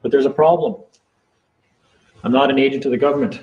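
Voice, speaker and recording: A man's voice: medium pitch, a little fast, darkish tone, muffled recording. Rambling man lecturing a small group. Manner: rambling, repeats himself, acts out court exchanges. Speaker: seminar speaker.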